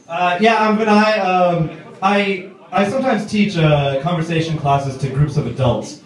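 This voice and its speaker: A man's voice: high voice, a little slow. A man doing a stand-up set in a small pub, chatty and hesitant with fillers. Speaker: stand-up comedian. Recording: echoey pub room, mic far off.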